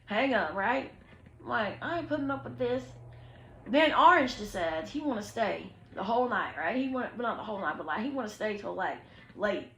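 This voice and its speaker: A young woman, telling a story to her viewers in an animated, slangy way, acting out what people said. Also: mid-range voice, fairly quick, reverberant, slight background noise, low-quality recording. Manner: animated, slangy, quotes people in lively voices. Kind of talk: casual storytime chat.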